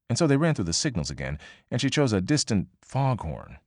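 A man with a lowish voice narrates fiction in a measured, expressive reading, his pitch rising and falling with animation. The recording is dry and close to the mic, with no room echo. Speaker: audiobook narrator. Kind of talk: scripted narration.

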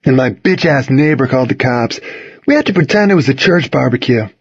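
A man's voice: mid-range voice, animated, fairly quick, breathy edge, pitched above the performer's own voice. A man voicing a brash teenage jock who talks bluntly and crudely. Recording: dull, dry lo-fi reading.

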